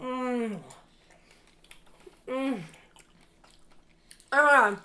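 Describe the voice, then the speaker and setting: A woman's voice: sits high, extremely slow, bright, forceful tone. A woman co-hosting a casual eating video, enthusiastic and teasing. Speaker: co-host. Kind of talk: casual mukbang chat.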